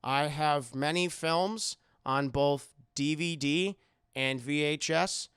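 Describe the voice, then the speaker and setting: A man voicing a menacing, controlling older male captor, speaking slowly and deliberately in a falsely calm way. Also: fairly high pitch, clear, resonant tone, dry recording, studio quality, pitched below the performer's own voice. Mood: ominous calm.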